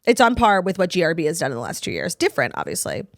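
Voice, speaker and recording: A woman's voice: on the low side, huge pitch swings, very fast, no room sound, studio quality. A woman in her thirties co-hosting a podcast, chatting casually and gossiping with many "like" fillers. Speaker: podcast co-host. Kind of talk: casual chat.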